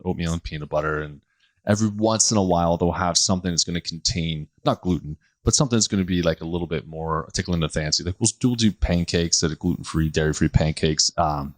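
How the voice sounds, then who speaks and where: A man in his thirties hosting a casual health podcast, talking bluntly with quick self-corrections and asides. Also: deep voice, no echo. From United States. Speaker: podcast host, chiropractor.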